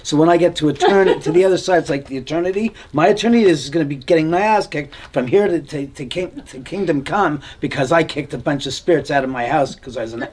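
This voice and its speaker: A homeowner giving a tour, telling stories in an animated way and acting out the quoted voices of other people. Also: male voice, a little high, quick pace, hardly any pauses, slightly rough. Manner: acts out quoted dialogue, rambling with restarts. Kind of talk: animated storytelling.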